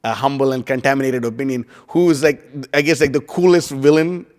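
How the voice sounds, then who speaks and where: A man giving a casual scripture class, rambling and animated, with lots of "you know" and "like". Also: medium pitch, a little fast. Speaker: devotional class speaker. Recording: long hall reverb.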